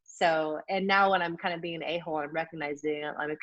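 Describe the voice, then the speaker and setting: A woman's voice: lowish voice, wildly swooping pitch, moderate pace, dry recording. Chatty american-raised woman guest, forties, lotsa fillers, muffled dry video call sound. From United States. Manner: enthusiastic, candid, chatty with many fillers. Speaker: interview guest, pro athlete. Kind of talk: casual conversational interview. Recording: dull, dry lo-fi call audio.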